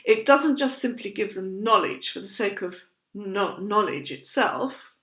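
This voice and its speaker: A woman's voice: medium pitch, sing-song, fairly bright tone. Thoughtful woman explaining in a roomy space. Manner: measured, thoughtful, explaining terms patiently. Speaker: Buddhism teacher. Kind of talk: explanatory educational talk. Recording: roomy echo.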